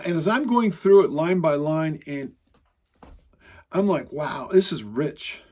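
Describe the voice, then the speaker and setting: Male preacher, high-pitched, conversational teaching style, emphatic delivery. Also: darkish tone. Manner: emphatic, conversational, quotes scripture with dramatic slowdowns. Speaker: Bible teacher. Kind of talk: sermon teaching.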